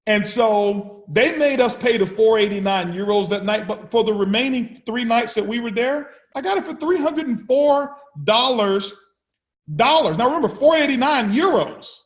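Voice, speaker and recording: A man speaking to his business partners as company founder, telling energetic motivational stories, often repeating words and acting out conversations. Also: very high-pitched, moderate pace, roomy sound. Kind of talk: motivational storytelling speech.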